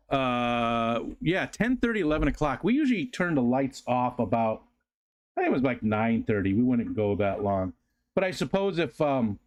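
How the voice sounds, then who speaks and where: A man hosting a casual livestream from his home, rambling easily with plenty of fillers as he reads viewer comments. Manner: rambling, easygoing, many fillers; rises to a high sing-song baby voice when talking to his dog. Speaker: livestream host. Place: home room.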